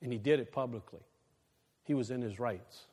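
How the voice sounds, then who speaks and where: A male pastor preaching a sermon, animated, swinging between loud bursts and quiet, low asides. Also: normal speed, breathy edge. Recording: long reverb in a large hall.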